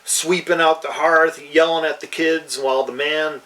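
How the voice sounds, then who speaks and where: A man's voice: on the high side, little pitch movement, moderate pace, a bit bright, far from the mic, rough recording. A man co-hosting a casual chat about fantasy games, rambling with many fillers and restarts. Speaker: podcast co-host.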